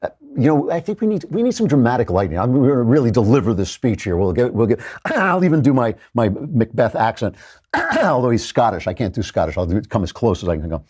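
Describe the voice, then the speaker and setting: A man's voice: mid-range voice, huge pitch swings, brisk, darkish tone, breathy edge. A man hosting a commentary monologue, earnest and lecturing, with frequent restarts. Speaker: host.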